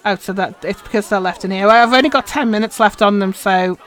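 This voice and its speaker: This woman talks fairly quickly in a mid-range voice while commenting on her live game stream. She's chatty and keeps muttering instructions to herself as she plays.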